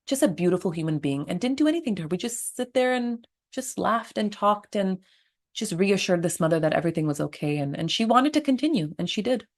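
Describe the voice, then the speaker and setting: A middle-aged woman, a birth attendant, telling stories in a blunt, animated interview style and swearing freely. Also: medium pitch, a little fast. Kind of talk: candid storytelling interview.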